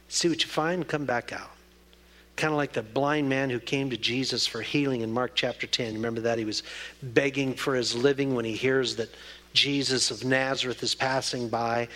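A man preaching a sermon, rising to high loud calls and dropping to hushed prayer. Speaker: pastor.

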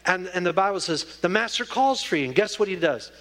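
A man preaching a sermon, rising to high loud calls and dropping to hushed prayer. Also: animated, a little fast. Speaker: pastor.

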